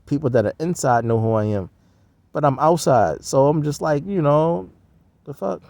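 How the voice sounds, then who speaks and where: A man's voice: a little high, moderate pace, creaky, mellow, no room sound. A man rambling in a profane, slangy casual monologue. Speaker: vlogger.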